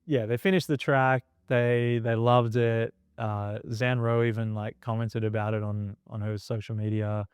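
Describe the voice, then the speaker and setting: A man's voice: medium pitch, measured pace, hardly any pauses, clean tone, dry recording, clean studio sound. A middle-aged man who founded a record label, recounting anecdotes in a documentary interview and acting out the dialogue of the people in them. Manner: animated anecdote-telling, acting out quoted dialogue.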